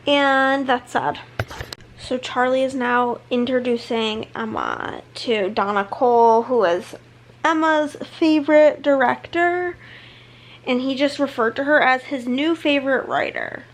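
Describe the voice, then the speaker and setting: A woman book vlogger chatting casually and reacting with excitement to a novel as she reads it. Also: high voice, unhurried. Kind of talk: casual reading vlog commentary.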